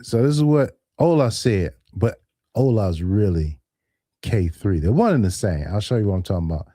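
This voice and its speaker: Animated man telling a story to viewers. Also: fairly low pitch, moderate pace, no echo, studio quality. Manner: animated, acts out quoted texts; talks straight to viewers, asks for agreement. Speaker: call-in show host. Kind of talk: casual livestream storytelling.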